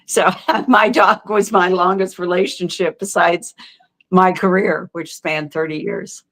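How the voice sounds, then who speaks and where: A middle-aged woman telling her own story as a podcast guest, heartfelt and halting, with many fillers and restarts. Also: fairly low pitch, fairly even intonation, a bit bright. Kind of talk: candid interview storytelling.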